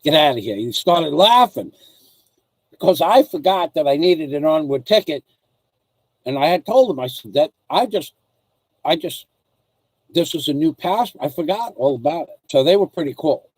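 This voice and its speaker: A man's voice: a little high, expressive, normal speed, long pauses, a little mellow, slightly rough, no echo, poor audio. Rambling man chatting with viewers. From United States. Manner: rambling storyteller, restarts and asides. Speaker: vlogger. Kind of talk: casual livestream chat with viewers.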